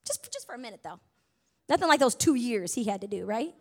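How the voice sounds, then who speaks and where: A woman preaching a sermon, retelling a story in a conversational way, full of tag questions and big swings between loud and soft. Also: fairly high pitch, big pitch swings, fairly quick.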